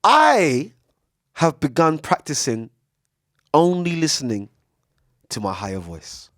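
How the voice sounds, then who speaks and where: A young man with gives a casual, preachy podcast monologue, swearing freely and swinging between loud bursts and hushed asides. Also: on the high side, big pitch swings, slow, pauses often, no room sound, clean studio sound. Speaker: podcast speaker. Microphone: studio mic.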